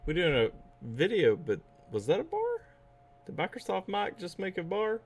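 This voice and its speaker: A man hosting a reaction video, giving excitable, casual commentary and often laughing. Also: high voice, normal speed, slightly rough.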